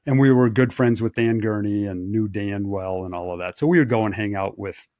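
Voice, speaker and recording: A man from Wisconsin, a race engineer co-hosting a podcast, telling rambling anecdotes in a relaxed chat. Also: lowish voice, fairly quick, dry recording. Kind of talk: casual storytelling chat.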